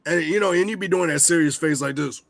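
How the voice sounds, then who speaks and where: A young man co-hosting a comedy podcast, ranting in a heated, profane and animated way. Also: fairly high pitch, quick pace, gravelly, no room sound. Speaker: podcast co-host. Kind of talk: casual comedic rant.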